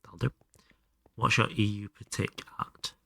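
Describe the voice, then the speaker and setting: A man's voice: on the low side, steady tone, a little slow, gravelly, a bit bright, no room sound, in a whisper, studio quality. A young man chatting casually and thinking aloud while streaming a game, swearing freely. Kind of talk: casual live gameplay commentary.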